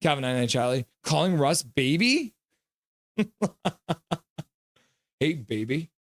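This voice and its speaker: A man's voice: mid-range voice, no echo, studio quality. A man hosting a live hockey reaction stream, reading viewers' chat messages aloud, joking and slipping into play-by-play calls. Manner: chatty, jokes and breaks into play-by-play.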